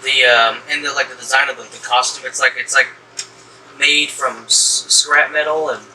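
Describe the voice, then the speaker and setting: A man from the American South talks through a movie in a casual, rambling way, full of "um" and restarts. His tone is very bright and he sits a little back from the mic. A faint hum of the room sits under his voice. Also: mid-range voice, fairly even intonation, moderate pace, recorded from a distance, rough recording. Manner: rambling, many fillers and restarts. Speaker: horror movie reviewer, host. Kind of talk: casual movie review chat.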